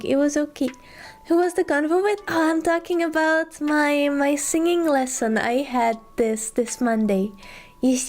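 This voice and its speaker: Giggly high-voiced young woman streamer. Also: a little mellow. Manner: giggly, shy, retelling with many likes and ums. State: sick. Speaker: vtuber streamer. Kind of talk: casual chat stream.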